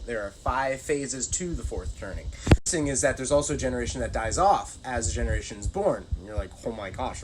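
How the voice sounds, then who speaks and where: A man's voice: mid-range voice, slight background noise, low-quality recording. A middle-aged man hosting his own channel, talking casually in a loose, rambling monologue full of fillers. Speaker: channel host.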